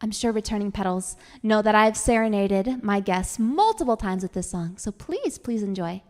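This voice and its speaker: With an expressive, slightly mellow mid-range voice at normal speed, a woman streams her VTuber debut as an elegant elf florist. She chats casually, sings, teases her viewers and repeats words as she goes.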